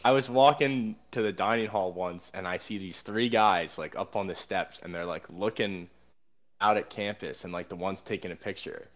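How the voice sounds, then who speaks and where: A man's voice: deep voice, normal speed. A young man co-hosting a podcast, telling stories in an easygoing, casual way. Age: young adult. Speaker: podcast co-host. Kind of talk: casual chat.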